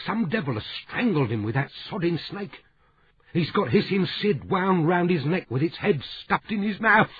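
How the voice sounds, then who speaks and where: Guy putting on a loud coarse woman, shrill and blunt, kinda muffled audiobook sound. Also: very animated, moderate pace, husky, full character voice. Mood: horrified, blunt. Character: blunt, foul-mouthed woman, shocked and loud.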